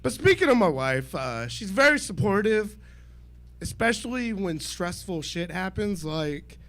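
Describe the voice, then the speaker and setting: At a small comedy venue's open mic, a stand-up comedian in his thirties works a club microphone. He speaks slowly in a high voice, keeps a deadpan, self-deprecating delivery, and chuckles at his own lines.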